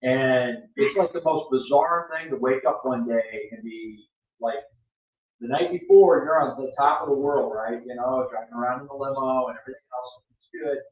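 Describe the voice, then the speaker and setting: A man's voice: medium pitch, moderate pace, recorded from a distance. A man hosting a podcast, telling his story in a blunt, emphatic way with lots of restarts. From Florida. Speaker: podcast host. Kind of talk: casual storytelling chat. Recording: echoey room, off-mic, dull sound.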